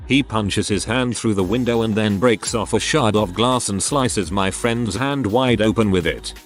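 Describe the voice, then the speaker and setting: Lively low-voiced male story reader. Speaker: narrator. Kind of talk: reading forum stories aloud.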